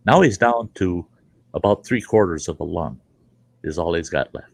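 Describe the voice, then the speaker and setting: An older man hosting a podcast, telling a crude, animated campfire story. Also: low-pitched, moderate pace, gravelly, slightly rough, low-quality recording. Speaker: podcast host.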